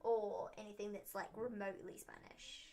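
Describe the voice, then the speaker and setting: A woman's voice: medium pitch, steady tone, moderate pace, mellow. An American woman co-hosting a wrestling livestream, chatting casually in a rambling, hesitant, self-deprecating way.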